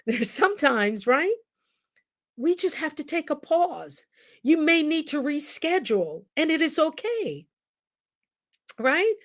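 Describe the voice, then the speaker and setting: A woman, a nurse and coach, hosting a casual live stream and talking straight to her viewers with lively, frequent laughter. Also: high-pitched. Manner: animated, laughs often, speaks straight to viewers. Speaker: host. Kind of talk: casual livestream talk to viewers. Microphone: computer mic on a live stream.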